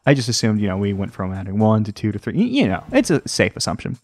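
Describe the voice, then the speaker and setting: A man hosting a let's play, rambling and joking at himself, often jumping into a high sing-song voice. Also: huge pitch swings, quick pace, darkish tone, no echo. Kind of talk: casual gameplay commentary. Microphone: desk microphone.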